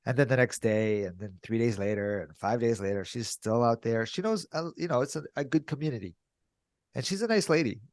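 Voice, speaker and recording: A man with a mid-pitched voice tells a story on a podcast, recorded dry and close. He is animated and jumps up into a chirpy higher voice when he acts out greetings. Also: a little fast, no room sound. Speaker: podcast co-host. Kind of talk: candid casual chat.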